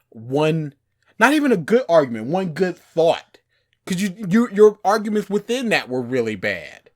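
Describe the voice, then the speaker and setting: A man's voice: fairly high pitch, very animated, moderate pace. A man co-hosting a podcast, talking in an emphatic, rambling way in casual chat. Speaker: podcast co-host.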